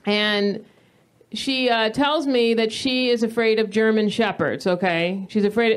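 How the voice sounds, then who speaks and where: A woman in her thirties performing a stand-up comedy set, telling stories in an animated way and breaking into mock yelling. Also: medium pitch, smooth. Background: audience laughter.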